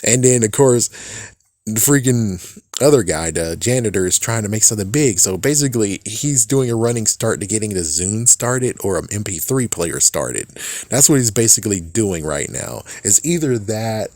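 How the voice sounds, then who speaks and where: A man's voice: lowish voice, expressive, normal speed, darkish tone, dry recording, clean studio sound. A man giving a casual, rambling spoiler recap of a movie, swearing often and laughing at it. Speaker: movie reviewer.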